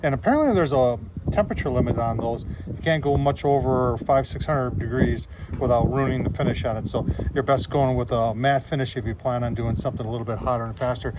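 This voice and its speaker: A man hosts a casual outdoor barbecue demonstration, chatting in a folksy way to his viewers. Steady outdoor noise runs under his voice. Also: medium pitch, quick pace, highs cut off. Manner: folksy, keeps saying "folks" and "I tell you what". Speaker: barbecue video host.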